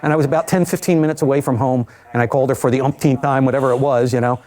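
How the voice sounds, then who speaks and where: A man's voice: medium pitch, fairly even intonation, darkish tone. Older man telling a survival story. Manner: measured, reflective storytelling with vivid asides. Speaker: interviewee recounting survival. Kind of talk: documentary interview storytelling.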